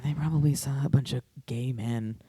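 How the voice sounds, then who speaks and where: A woman co-hosting a podcast in casual chat, excitable and laughing often as she spins theories out loud. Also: rumbling low, moderate pace, breathy edge, no echo. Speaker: podcast co-host.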